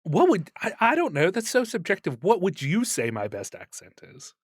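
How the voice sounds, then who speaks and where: A man's voice: sits high, huge pitch swings, moderate pace, slightly rough, dry recording, studio quality. A man co-hosting a podcast, rambling through stories in a playful way and laughing often. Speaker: podcast co-host. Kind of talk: casual late-night chat.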